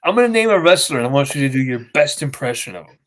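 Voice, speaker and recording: A man's voice: medium pitch, big pitch swings, fast. Teasing man running a casual podcast. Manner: teasing, directing the game. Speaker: podcast co-host. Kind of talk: casual chat.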